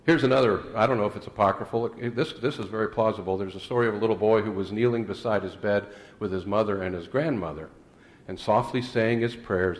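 A man's voice: fairly low pitch, fast. A man preaching a sermon as pastor, mixing scripture and prayer with folksy jokes and anecdotes, with some fillers and restarts.

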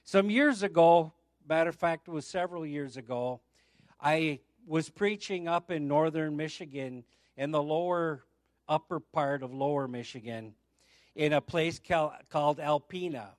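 A man's voice: a little high, unhurried, dry recording, clean studio sound. A middle-aged man preaching a sermon, telling a testimony and acting out the voices of the people in it. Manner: storytelling, acts out the voices in his anecdotes.

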